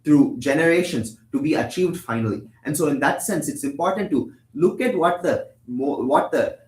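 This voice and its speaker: A young man giving a religious discourse at a temple, explaining verses, asking and answering his own questions, and chanting Tamil lines quickly. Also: fairly high pitch, lively intonation, darkish tone. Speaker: temple lecturer. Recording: echoey room.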